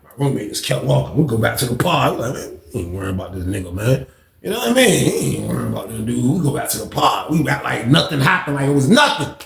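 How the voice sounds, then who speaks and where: A man telling a casual, rambling story in slang, acting out shouts along the way. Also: mid-range voice, big pitch swings, fast, gravelly, roomy sound, a crowd in the background.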